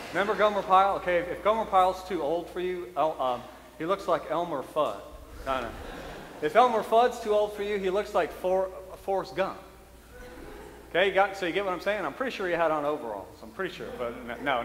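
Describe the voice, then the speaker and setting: A man's voice: fairly high pitch, a bit bright, slight background noise. A male priest giving a sermon, telling a funny story about himself and chuckling often. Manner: humorous storytelling, self-mocking, chuckles often. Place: church sanctuary. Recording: roomy echoey church hall.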